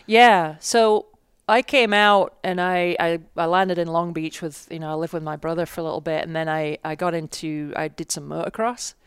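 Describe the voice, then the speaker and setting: In clean studio sound with no room tone, an English woman who once raced World Cup mountain biking speaks as an interview guest. Her clean, lowish voice stays fairly even at a moderate pace with hardly any pauses, as she rambles through her story, restarting and using plenty of fillers.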